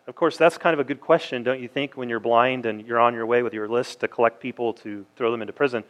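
A man preaching a sermon, reading verses aloud and explaining them in a conversational way, asking the congregation rhetorical questions. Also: on the high side. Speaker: pastor.

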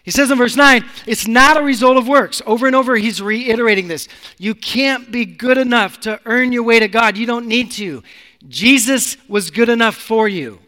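A male pastor preaching a sermon in a church, emphatic and swinging from loud to hushed. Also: extremely high pitch, normal speed, big-room sound.

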